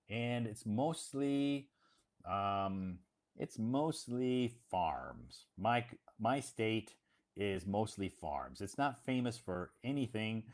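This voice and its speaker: A man's voice: on the low side, a little mellow. A man from Iowa, casually talking to English learners in a spoken lesson, repeating phrases and checking understanding with "okay?". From United States, Iowa.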